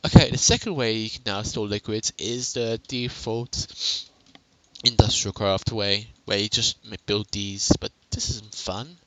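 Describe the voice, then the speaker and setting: A man with a quiet voice talking through a casual game tutorial on a headset mic, chatty and self-mocking, laughing often. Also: on the low side, slow, poor audio. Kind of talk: casual gameplay tutorial commentary.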